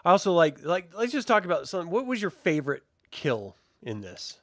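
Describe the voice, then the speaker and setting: A man co-hosting a casual film review chat, animated and acting out characters with sudden shouts. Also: a little high, brisk, dry recording, studio quality.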